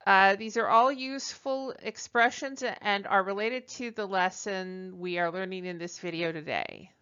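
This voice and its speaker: Slow, deliberate woman teaching French. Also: mid-range voice, steady tone, pushed and bright, clean tone, dull audio. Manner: slow, deliberate, with frequent ums and uhs; models French phrases for repetition. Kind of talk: recorded video lesson.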